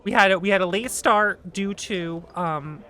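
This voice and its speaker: A woman with a Boston accent hosting a stream, teasing and joking in quick comebacks. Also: mid-range voice, bright, forceful tone. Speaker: streamer host. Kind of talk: casual stream chat.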